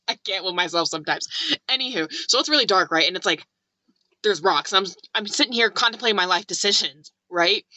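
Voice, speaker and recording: A woman's voice: fairly low pitch, no echo. A young woman from California telling a story in a casual vlog, chatty, full of "like", acting out what people said. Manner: chatty, lots of "like", animated quoting. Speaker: vlogger.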